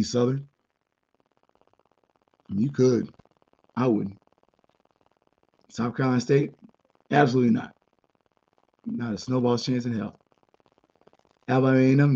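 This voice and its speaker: Casual podcast host, male, dark husky voice, blunt and chatty, dull lo-fi mic. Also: mid-range voice. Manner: candid, chatty, blunt opinions with asides. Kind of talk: casual sports podcast monologue.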